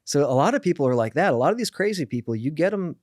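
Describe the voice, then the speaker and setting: A man talking as a podcast guest, telling blunt, animated stories with lots of fillers and restarts. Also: a little high, fast talker, no room sound, studio quality. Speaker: guest, author. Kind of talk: casual podcast conversation.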